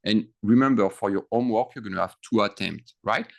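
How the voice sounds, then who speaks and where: A man's voice: on the low side, fairly quick, vocal fry. A man teaching a grammar lesson over screen share, thinking aloud and checking in with frequent questions. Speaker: French teacher.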